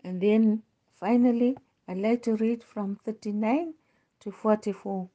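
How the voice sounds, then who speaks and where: Slow, mellow woman reading scripture. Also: medium pitch, highs cut off. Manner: reads aloud slowly with small stumbles and restarts. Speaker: devotional host.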